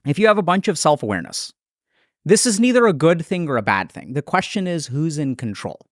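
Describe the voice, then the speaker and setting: A psychiatrist in a podcast interview, a man explaining his ideas thoughtfully, with quick restarts. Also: a little high, very animated, dry recording, clean studio sound.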